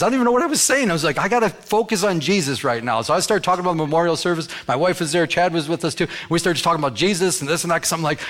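A man preaching a sermon, telling stories with lively acted-out bits and sound effects, and dropping to a softer, lower voice in quiet passages. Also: quick pace, hardly any pauses. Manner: animated storytelling, acting out scenes with sound effects. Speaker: pastor.

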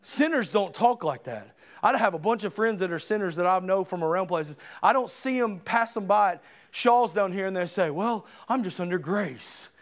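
High-voiced impassioned male preacher. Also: expressive, normal speed, hardly any pauses. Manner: impassioned, rising to shouts, then dropping low and earnest. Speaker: pastor. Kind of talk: sermon.

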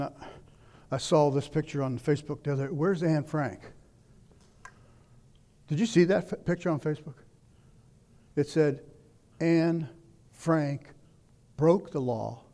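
An older man preaching a sermon, swinging between loud declaiming and hushed asides. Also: on the high side, gravelly.

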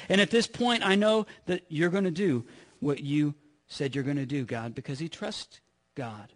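A man preaching a sermon in an earnest way, often repeating his words and swinging from loud to hushed. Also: a little high, normal speed.

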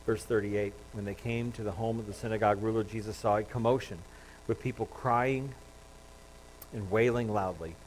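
A man preaching a sermon, retelling a Bible story with lively acted-out quotes and frequent restarts. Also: on the low side, normal speed, a little hiss or hum, poor audio. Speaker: pastor.

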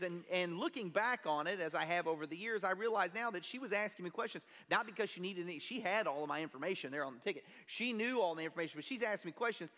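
A pastor preaching a sermon, telling a personal story in an earnest, conversational way. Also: male voice, sits high, sharp tone. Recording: long reverb of a large hall.

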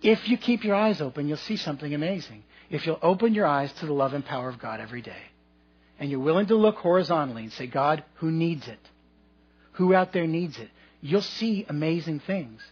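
A man's voice: a little high, lively intonation, quick pace, breathy edge, highs cut off. A man preaching a sermon to his congregation, telling a personal story in a conversational, humorous way with asides to the listeners. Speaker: pastor.

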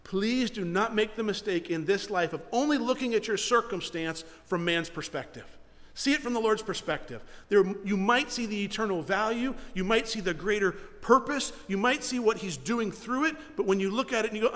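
A pastor delivers an animated sermon in a high, bright-edged voice, stumbling over repeated words as he drives ahead. The sound carries a long church-hall echo. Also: a little fast.

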